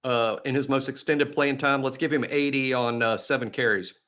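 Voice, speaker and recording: A man co-hosts a sports podcast, his medium-pitched voice steady, fairly bright, and moderately paced. In this casual sports chat he rambles through stories and picks, laughing often and full of fillers and restarts.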